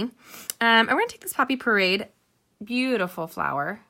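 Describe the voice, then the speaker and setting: A woman's voice: fairly high pitch, expressive, normal speed, gravelly, sharp tone. A middle-aged woman hosting a casual live card-making tutorial, chatty and rambling with personal asides.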